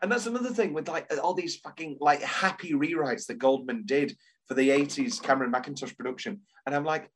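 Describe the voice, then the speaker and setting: Brisk and fairly high-pitched, this man co-hosts a podcast in an excited, casual chat. He's animated and effusive, frequently breaking off to start his sentences over.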